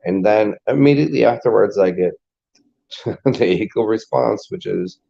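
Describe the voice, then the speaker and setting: At a moderate pace, a man with a fairly low, mellow voice and vocal fry gives a casual, profane, rambling monologue as a spiritual vlogger. His sentences restart often, and the lo-fi sound is dull.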